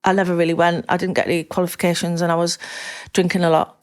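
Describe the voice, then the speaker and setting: A middle-aged woman with a Northern English accent talks as a podcast guest in a casual interview. Her voice sits on the low side, and her talk rambles with restarts and frank asides, broken up by easy laughter. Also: little pitch movement, quick pace, smooth. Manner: rambling, candid, laughs easily.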